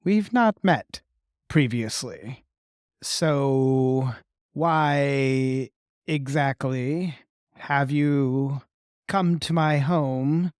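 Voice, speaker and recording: A woman voicing an intimidating sorceress mother, speaking slowly and menacingly. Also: rumbling low, a little mellow, clean tone, no room sound, studio quality, exaggerated voice. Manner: slow and menacing.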